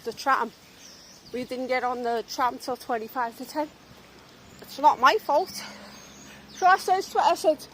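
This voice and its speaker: Young woman ranting into her vlog, high voice, swears a lot, loud traffic noise behind. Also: normal speed, low-quality recording. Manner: agitated, swearing, retelling an argument. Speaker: tour guide vlogger.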